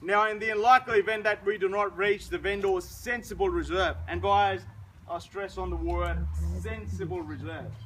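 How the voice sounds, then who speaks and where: A man's voice: high voice, fairly even intonation, normal speed, fairly bright tone, slight background noise, poor audio. An Australian man working as an auctioneer, addressing a crowd at an outdoor house auction in a showy sales patter.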